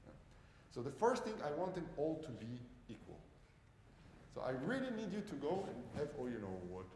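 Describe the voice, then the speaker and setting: A man's voice: fairly high pitch, huge pitch swings, moderate pace. A man giving a piano masterclass, coaching a student with encouragement and lots of "bravo". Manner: encouraging, repeats "bravo", non-native phrasing. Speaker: piano teacher. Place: concert hall with piano. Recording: echoey hall with loud piano.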